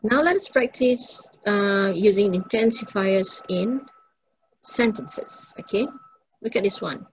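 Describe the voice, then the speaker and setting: A woman's voice: medium pitch, slow pace, a little hiss or hum, poor audio. A woman English teacher, giving a recorded lesson and patiently repeating each example sentence.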